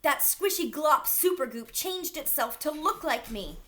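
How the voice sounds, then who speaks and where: A woman voicing a tough, rough-and-tumble schoolboy who talks in a loud, defiant way, for a read-aloud storybook. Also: sits high, lively intonation, measured pace, voice pushed up.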